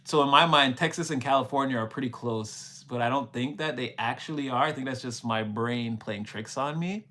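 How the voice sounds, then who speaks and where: A man's voice: medium pitch, normal speed, bright, forceful tone, slight background noise. A young man, rambling casually on a livestream as a spiritual reader, repeating himself and exclaiming often. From Canada. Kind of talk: casual livestream reading and chat.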